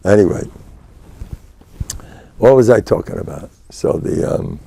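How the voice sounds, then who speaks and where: Speaking a little slowly, an older American man delivers a Torah lecture as a rabbi and spiritual mentor. His low, warm voice has vocal fry and slight roughness, and his digressive storytelling is dotted with Yiddish and Hebrew words.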